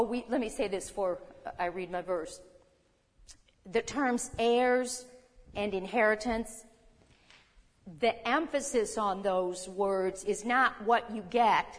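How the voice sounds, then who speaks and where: A woman delivers a sermon at a middle pitch, reading verses and explaining them as she goes. She puts questions to her listeners, and her voice rings with long reverb in a hall. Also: slow. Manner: teaching, reading scripture aloud, asking the audience questions. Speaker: preacher.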